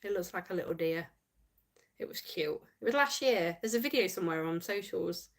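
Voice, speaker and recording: A woman's voice: fairly low pitch, lively intonation, fairly quick. Giggly woman hosting a livestream. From United Kingdom. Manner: chatty, giggly, reads viewer comments aloud. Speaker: livestream host reading chat. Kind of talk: casual livestream chat.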